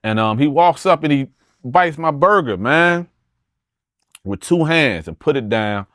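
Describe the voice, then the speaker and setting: A man's voice: on the high side, animated, measured pace, fairly bright tone, no room sound, clean studio sound. Profane, fired-up storytelling man. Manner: profane, emphatic, restarts often. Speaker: interview guest. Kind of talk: animated storytelling.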